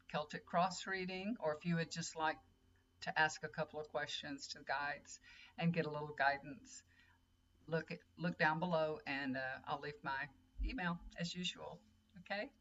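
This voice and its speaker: A middle-aged woman, a tarot reader and healer rambling in casual chat straight to her viewers. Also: on the low side. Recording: dull lo-fi audio with faint hum.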